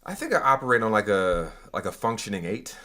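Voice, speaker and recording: Low-voiced man, thoughtful podcast guest. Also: big pitch swings, bright, forceful tone. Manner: thoughtful, measured, many fillers. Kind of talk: conversational interview.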